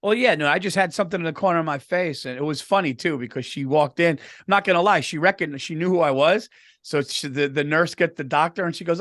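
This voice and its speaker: A middle-aged man co-hosting a podcast, telling stories in an animated, profane way and saying "dude" a lot. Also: high voice, fast, no room sound, studio quality. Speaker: podcast co-host. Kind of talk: casual comedic storytelling.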